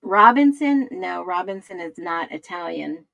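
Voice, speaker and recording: A woman's voice: fairly low pitch, expressive, measured pace, vocal fry, no echo, muffled recording. A woman hosting a casual livestream, thinking aloud and looking things up as she reads viewers' comments. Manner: thinks aloud, searching while she talks. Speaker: livestream host.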